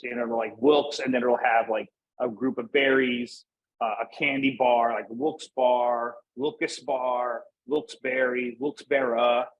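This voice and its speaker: A man's voice: medium pitch, slight background noise, poor audio. A man from Northeast Pennsylvania, a guest in a casual interview, talking in a rambling way with many fillers and restarts. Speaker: podcast guest.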